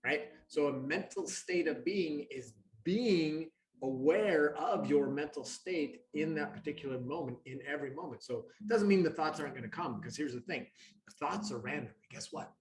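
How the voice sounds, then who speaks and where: A man's voice: fairly high pitch, moderate pace. A man co-hosting a wellness show who gives motivational coaching talk and often checks in with his listeners. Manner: explanatory, often checks in with "right?". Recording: roomy, echoey room.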